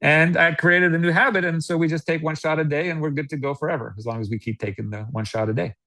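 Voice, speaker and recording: An American man giving casual sales coaching, animated, laughing often and acting out customer dialogues. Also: on the high side, quick pace, no room sound. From United States. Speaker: network marketing guest.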